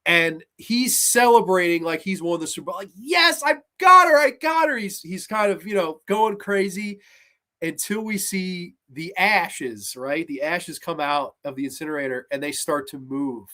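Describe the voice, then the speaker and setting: A man's voice: a little high, normal speed, fairly bright tone. Enthusiastic, profane man reviewing horror films. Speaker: horror podcast host. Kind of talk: casual film review.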